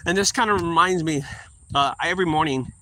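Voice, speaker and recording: A man's voice: fairly high pitch, brisk, bright, forceful tone, a little hiss or hum, poor audio. A middle-aged man who owns a junk removal business, rambling and repeating himself as he gives casual advice and briefly acts out his conversations with customers. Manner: rambling and repetitive, acting out short quoted exchanges.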